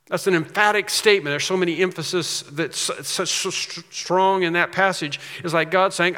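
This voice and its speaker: A man's voice: high voice, fairly even intonation, fairly quick, bright, forceful tone. A man preaching a sermon as pastor, emphatic, repeating phrases and rising on key points. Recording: reverberant hall.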